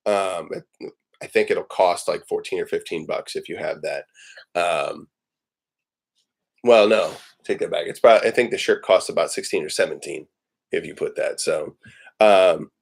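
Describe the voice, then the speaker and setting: A man with a low, gravelly voice hosts a laid-back morning livestream from his home. His talk meanders and jokes along, packed with ums and uhs.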